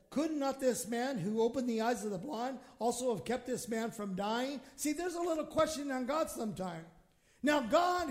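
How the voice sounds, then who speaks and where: A male pastor giving an impassioned sermon, moving between hushed reading and shouted points and acting out prayers. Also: extremely high pitch. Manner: acts out quoted prayers in his own voice.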